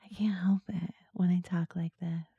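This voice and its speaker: Woman podcast host doing a soft asmr voice, super breathy and husky, close dry mic. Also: on the low side, steady tone, no room sound, phone-quality sound. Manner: slow and seductive.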